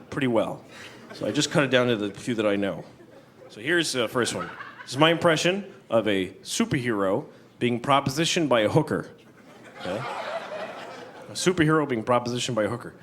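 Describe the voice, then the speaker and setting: A man doing a stand-up comedy set on a theater stage, telling rambling deadpan stories and jumping into high, loud voices for the people in them. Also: fast. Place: large theater stage before a live audience. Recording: noisy live theater recording with crowd. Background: audience laughter.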